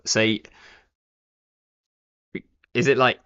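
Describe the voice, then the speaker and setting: Low, lively man streaming a card game. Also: slow pace, pauses often. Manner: rambling, thinks aloud with many fillers and self-corrections. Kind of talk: casual live-stream commentary. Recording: dull, lo-fi stream audio.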